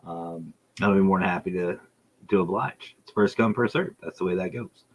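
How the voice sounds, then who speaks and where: A man's voice: low-pitched, normal speed, a little hiss or hum, poor audio. A man hosting his own podcast livestream, chatting casually and enthusiastically with viewers and reading their messages aloud. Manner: rambling, enthusiastic, reads chat aloud. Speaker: podcast host. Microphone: streaming setup.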